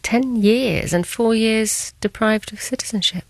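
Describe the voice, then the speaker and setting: A woman's voice: on the high side, unhurried, no echo. A woman interviewer asking direct, probing questions.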